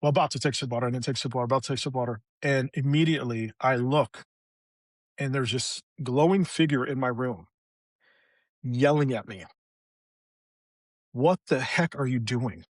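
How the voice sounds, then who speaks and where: A man's voice: mid-range voice, fast, no room sound. A middle-aged man, a veteran guest on a podcast, candidly recounting a hard personal story, raw and emotional, swearing freely.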